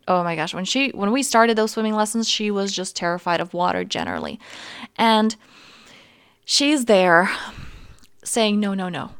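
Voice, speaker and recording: A woman in her thirties hosting a podcast as a coach, talking gently and earnestly in a casual self-help monologue. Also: medium pitch, clear, resonant tone, no echo, studio quality. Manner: gentle, earnest, talks through examples.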